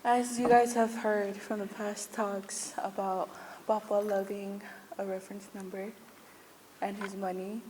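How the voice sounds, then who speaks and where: At a church service, a woman delivers a funeral tribute to her grandfather, fighting back tears as she shares funny stories about him. Her mid-range voice has a dark tone, and the recording carries the echo of a hall with faint noise.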